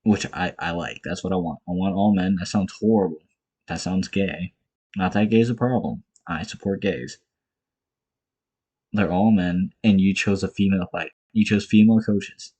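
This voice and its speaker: A man's voice: deep voice, moderate pace, mellow, breathy edge. A young man ranting casually and profanely about fight cards in his own vlog, blunt and exasperated, hammering points in short repeated bursts. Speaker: MMA commentator vlogger.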